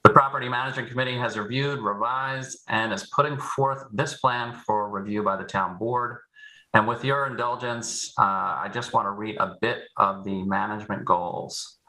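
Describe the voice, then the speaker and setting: A man joining by remote call, presenting a plan at a town board meeting in a clear, orderly way from prepared notes. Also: lowish voice, moderate pace, pushed and bright, rough recording.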